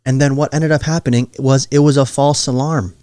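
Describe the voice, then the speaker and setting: A young man hosts a solo podcast, rambling through stories in loose, joking slang. His voice sits at a middle pitch, and the recording is dry and close. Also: steady tone, brisk, darkish tone, no room sound. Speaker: podcast host.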